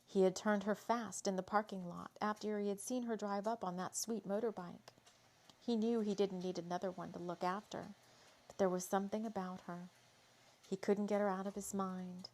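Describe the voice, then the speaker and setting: A woman reads a late-night vampire tale aloud in an average-pitched voice, taking her time and leaning into the drama. She breaks off now and then for a casual aside before picking the story back up. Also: steady tone, normal speed, a little mellow. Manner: leisurely, dramatic read with asides. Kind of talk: reading a spooky romance story aloud.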